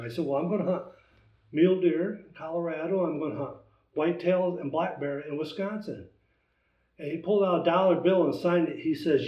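A man in his sixties tells rambling stories with many false starts, his voice pitched a little high for a man. He sits back from the mic in a roomy den, and the sound comes through dull and slightly lo-fi. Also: distant mic. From United States. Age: 60s. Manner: halting, rambling storyteller with many restarts. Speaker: interview guest. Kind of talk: casual storytelling chat. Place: home den.

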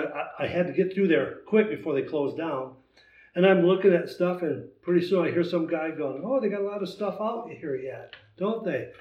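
A man in his sixties tells rambling stories with many false starts, his voice pitched a little high for a man. He sits back from the mic in a roomy den, and the sound comes through dull and slightly lo-fi. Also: recorded from a distance. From United States. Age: 60s. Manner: halting, rambling storyteller with many restarts. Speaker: interview guest. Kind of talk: casual storytelling chat. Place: home den.

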